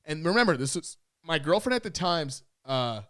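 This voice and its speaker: A young man from Puerto Rico, a podcast co-host, telling a story in casual chat, profane and animated, acting out what people said. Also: on the high side, normal speed. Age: young adult.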